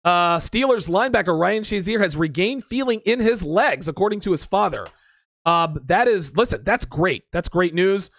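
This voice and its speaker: A fairly high-voiced man hosts a livestream in a crude, profane, blunt manner. He reads viewer comments aloud and shoots back his reactions. His voice is dry and close, with no room sound. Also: expressive, normal speed, a bit bright, no room sound. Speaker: podcast host. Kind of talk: casual livestream chat.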